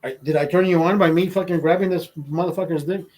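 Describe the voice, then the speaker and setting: A man tells a story in a casual, profane way, his voice sitting a bit higher than most men's. He jumps into the voices of the people he quotes as he goes. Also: quick pace, low-quality recording. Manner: profane, animated, acts out quotes. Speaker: host.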